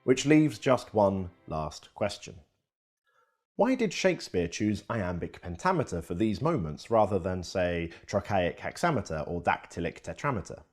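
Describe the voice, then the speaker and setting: A man reading a scripted educational narration in a lively storytelling manner. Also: low-pitched, moderate pace.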